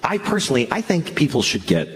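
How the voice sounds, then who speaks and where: A man doing a stand-up routine on a club stage, delivering shocking lines in a dry, deadpan way. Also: a little high, fast, noisy background. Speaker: stand-up comedian. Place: comedy club stage before a laughing audience. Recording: live club recording with loud crowd laughter.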